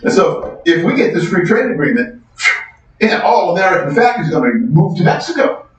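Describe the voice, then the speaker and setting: A man's voice: sits high, very animated, brisk, dull audio, voice pushed up. A man doing a Texas-accented impression of a folksy male politician, in a distant, echoey lecture hall recording. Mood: warning.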